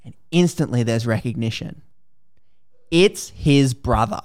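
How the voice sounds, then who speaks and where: An Australian man hosting a podcast, retelling a story in a casual, lively, slangy way. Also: mid-range voice, a little slow. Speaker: podcast host.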